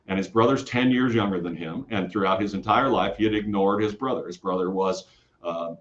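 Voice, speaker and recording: A man from the Kansas City area, a guest storyteller telling rambling, animated stories with many restarts in a casual interview. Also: low voice, a little fast. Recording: dull lo-fi audio.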